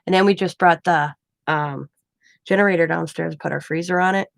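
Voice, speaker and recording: A woman's voice: on the low side, fairly even intonation, a little fast, creaky, a little hiss or hum. A middle-aged woman chatting at home, telling stories and acting out what people said, laughing often. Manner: chatty storytelling, acting out quoted lines; laughs often mid-sentence. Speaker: craft vlogger. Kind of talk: casual chat.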